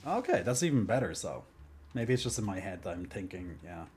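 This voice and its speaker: A man's voice: low-pitched, very animated, fairly quick, darkish tone, a little hiss or hum. A male streamer chatting casually while gaming, rambling and self-mocking, on a desk mic beside a clicky mouse. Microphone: desk mic near a clicky mouse.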